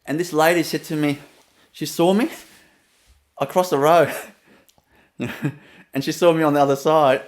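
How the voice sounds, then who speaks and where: A man with a Vietnamese accent and a fairly high voice, speaking as a spiritual teacher in a relaxed storytelling talk. He chuckles often between phrases and pauses on many "uh" and "you know" fillers.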